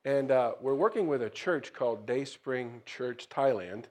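A middle-aged man, a missionary pastor, telling a story in a sermon, lively and swinging into louder bursts. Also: medium pitch, unhurried.

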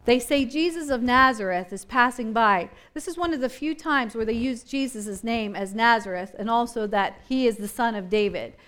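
A woman's voice: on the high side, moderate pace, few pauses. A woman teaching a Bible study in a conversational way, wondering aloud and acting out the scenes she describes. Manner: animated, acts out scenes and voices from the story; thinks aloud with restarts and questions.

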